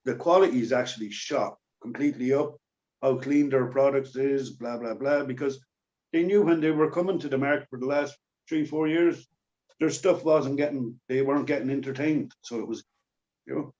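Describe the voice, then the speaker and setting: A man's voice: medium pitch, darkish tone, highs cut off. A man in casual podcast chat, rambling along with lots of fillers and restarts.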